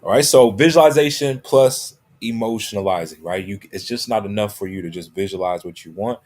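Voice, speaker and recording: Speaking a little fast in a lowish, darkish voice, a male coach delivers a motivational talk. He hits his key phrases hard, repeats them, and keeps asking "right?" and "okay?".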